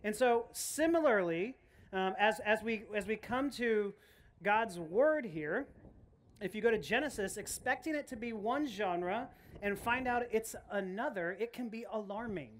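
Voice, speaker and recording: A woman pastor preaching a sermon, telling a story in a lively, animated way with frequent restarts. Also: medium pitch, a little slow. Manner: animated storytelling, laughs often, many restarts.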